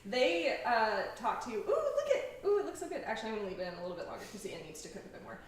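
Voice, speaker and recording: A woman's voice: on the high side, big pitch swings, rapid-fire, a little hiss or hum. A young woman hosting a home cooking show, chatting and giggling casually as she cooks. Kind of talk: casual chat while cooking. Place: home kitchen. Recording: echoey kitchen, mic far off.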